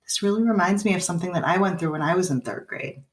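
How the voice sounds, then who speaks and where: A fast-talking woman with a voice on the low side coaches parents in a podcast conversation. She explains earnestly and acts out lines a parent and child might exchange. Her recording is roomy, with the mic placed at a distance.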